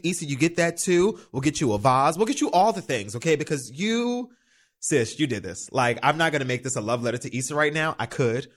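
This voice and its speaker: A young man from the United States hosting a casual solo podcast, chatty and animated, swearing freely. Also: a little high. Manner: animated, chatty, swears freely, quotes himself in little voices. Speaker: podcast host.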